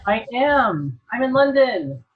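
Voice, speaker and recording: A woman's voice: fairly high pitch, big pitch swings, slow pace. American lady chatting on a video call, laughs a lot, bit muffled audio. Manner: chatty, self-deprecating, laughs often. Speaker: guest maker. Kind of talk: casual video call chat.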